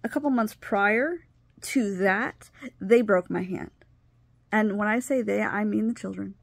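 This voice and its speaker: A middle-aged woman with a gravelly edge tells a personal story straight to camera. She is animated, plays out the lines of the people she quotes, and sometimes sinks to a near whisper. The sound is close and dry, with no room around it. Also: medium pitch, a little slow, no room sound. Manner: animated, acts out quoted dialogue, drops to whispers. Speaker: vlogger.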